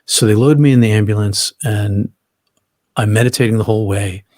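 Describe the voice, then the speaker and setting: A man's voice: lowish voice, brisk, a little mellow, no room sound, studio quality. A middle-aged man, a guest in an interview, earnestly retelling a personal experience in vivid detail, often restarting his sentences.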